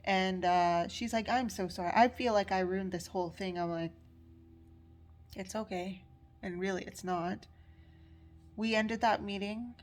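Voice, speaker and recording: A woman's voice: mid-range voice, fairly even intonation, normal speed. A young adult woman, a social work student, candidly telling a personal story and quoting the people she spoke with. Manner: candid, upset, quotes others.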